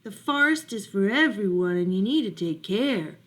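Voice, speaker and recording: A woman voicing a firm but kindly male moose who scolds gently, in a storybook read aloud. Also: medium pitch, animated, normal speed, natural voice.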